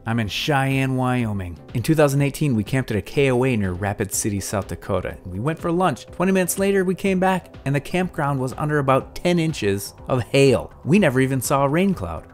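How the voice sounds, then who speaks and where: A middle-aged man from Michigan, hosting a mapping tutorial and telling short personal stories in a relaxed, wry way. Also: mid-range voice, fairly quick, hardly any pauses, soft background music. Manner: wry, relaxed storytelling with dry asides. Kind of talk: casual personal anecdotes and software walkthrough.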